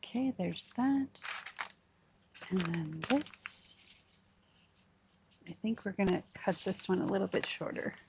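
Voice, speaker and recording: A woman's voice: medium pitch, animated, slow pace, vocal fry, pauses often, noisy background. A woman hosting a crafting livestream, chatting casually as she works and talking herself through each step. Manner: chatty, talks to herself while working.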